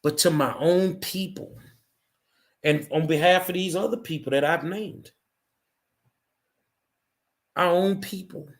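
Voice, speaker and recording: A middle-aged man hosts his own show and rants with real anger. He hammers his points home through blunt repetition. His voice sits a little high. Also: slow pace, long pauses. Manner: angry, ranting, emphatic repetition. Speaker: show host. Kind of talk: impassioned monologue.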